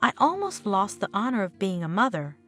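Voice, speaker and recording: A woman's voice: medium pitch, big pitch swings, fairly quick, a bit bright, faint music behind. A woman reading the lines of an anxious, emotional young mother in a story.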